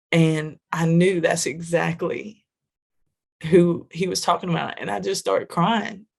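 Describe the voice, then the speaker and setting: A woman's voice: on the low side, vocal fry. A woman telling a personal story in a podcast interview, vivid, repetitive and emphatic. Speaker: guest, trucking wellness business owner.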